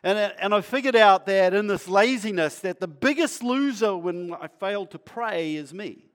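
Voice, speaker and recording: A male pastor preaching in a conversational, playful way, asking the congregation questions and sometimes dropping to a quiet, earnest tone. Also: moderate pace. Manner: acts out a shopkeeper's sales pitch. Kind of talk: sermon.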